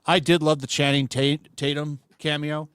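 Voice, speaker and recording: Brief: male host, casual chat, slightly high voice, dry close sound. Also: level tone, moderate pace, fairly bright tone, clean tone, no room sound. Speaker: podcast host.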